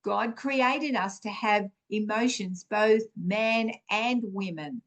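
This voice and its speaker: A woman's voice: medium pitch, takes it slowly. A woman hosting a podcast, giving an earnest, encouraging spiritual teaching talk, full of fillers and restarts. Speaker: podcast host.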